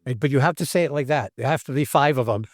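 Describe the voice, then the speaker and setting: A man's voice: medium pitch, fast talker, no room sound, clean studio sound. A man co-hosting a podcast, telling stories in casual conversation and acting out the lines he quotes. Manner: animated storyteller who acts out quoted lines. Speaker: podcast co-host, acting teacher.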